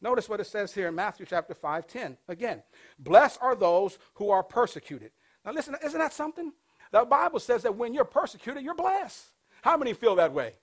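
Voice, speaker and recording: At a fairly quick pace, a pastor in his fifties preaches with an extremely high, sing-song voice. He moves between loud and soft passages and asks his congregation questions to answer back.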